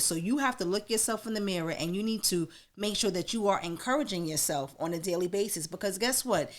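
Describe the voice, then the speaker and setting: A woman hosting a live talk about healing, talking earnestly and coaching her listeners, often asking "right?" for agreement. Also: fairly low pitch. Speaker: host and minister. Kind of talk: encouraging talk.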